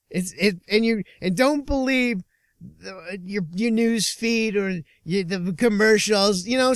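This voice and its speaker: A man hosting his own podcast from inside a small car, delivering a rambling, sarcastic comedic rant with halting restarts. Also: sits high, fairly bright tone, no room sound, clean studio sound. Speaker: podcast host.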